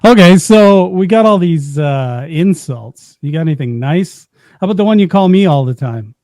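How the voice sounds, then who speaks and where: A man's voice: a little high, lively intonation, normal speed, darkish tone, dry recording, clean studio sound. A man co-hosting a casual real estate chat, easygoing and teasing. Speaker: co-host.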